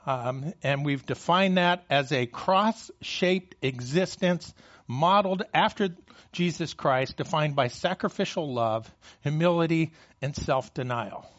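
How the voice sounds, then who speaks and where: A man with a high voice preaches to his congregation from the pulpit. He often trips over and repeats his first words, then lifts his voice as he reads scripture aloud. The recording is slightly dull and lo-fi. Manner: repeats words when starting phrases, reads scripture with rising intensity. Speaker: pastor. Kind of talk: sermon.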